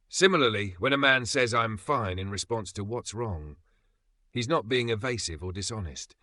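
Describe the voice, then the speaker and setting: A man reads self-help narration in a low voice with a bright, forceful edge. He explains each point in a steady, even way. The recording is dry and close, with no room sound. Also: moderate pace, dry recording. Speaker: audiobook narrator.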